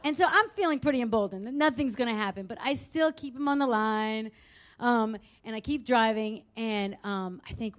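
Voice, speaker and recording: A woman telling a true story at a live show, expressive and quick to swear and laugh at herself. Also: fairly high pitch. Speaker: storyteller on stage.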